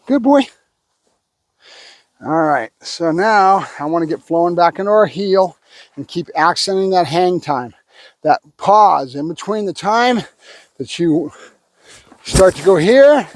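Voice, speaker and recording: A man working as a dog trainer, calling short firm commands to a dog and calmly explaining his method as he trains. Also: high voice, no room sound.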